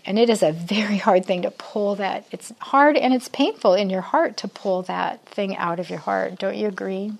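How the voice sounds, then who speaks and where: A woman's voice: mid-range voice, moderate pace, vocal fry, hardly any pauses. An older woman giving a chatty, conversational Bible teaching to a group of women, often asking her listeners questions. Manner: chatty, asks the audience questions.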